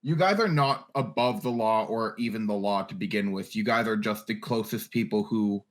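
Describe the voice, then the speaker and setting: A man narrating as game master in an online tabletop game, often pausing with fillers and laughing. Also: fairly low pitch. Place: home room, online session.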